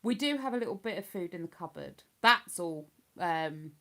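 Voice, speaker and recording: An older woman from Hertfordshire, her accent sitting somewhere between posh and London, chats casually on a livestream while answering viewer comments. Her voice is lowish and a bit bright, animated, and delivered at a moderate pace.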